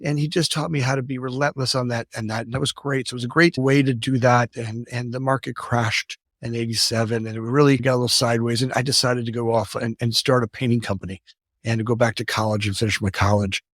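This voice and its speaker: Fast-talking man in his fifties. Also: mid-range voice, flat delivery, fairly bright tone, dry recording, clean studio sound. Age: 50s. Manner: rapid, tags lines with "right?", frequent restarts. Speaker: guest, company founder. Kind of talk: casual storytelling interview.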